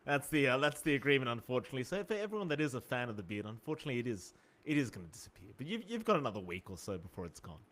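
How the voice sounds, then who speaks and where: A young man casting an esports match live, trading playful teasing banter with his co-caster and getting excitable in the play-by-play. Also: mid-range voice, very fast. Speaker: esports commentator. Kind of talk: live game commentary and banter.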